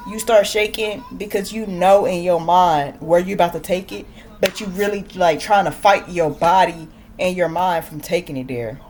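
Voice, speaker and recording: A woman's voice: lowish voice, a little mellow, a little hiss or hum. A woman watching along and explaining her opinion in casual conversation. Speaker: co-viewer. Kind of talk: casual chat.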